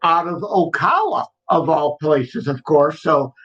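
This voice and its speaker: Bright high-voiced man on a lo-fi line. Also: expressive, measured pace. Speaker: podcast co-host. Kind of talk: casual chat.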